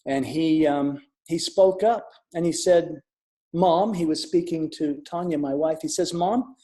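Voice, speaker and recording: Middle-aged man, earnest personal storytelling, mellow warm tone, slightly high voice, reflective, soft drops in volume. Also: steady tone, normal speed. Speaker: speaker sharing a near-death experience. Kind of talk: personal storytelling talk with audience questions. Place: online summit talk.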